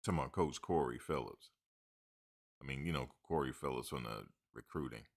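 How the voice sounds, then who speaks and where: Very deep-voiced man hosting sports talk. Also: fairly quick. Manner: rambling, animated, joking, with slang. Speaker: sports show host. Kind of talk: casual sports talk commentary.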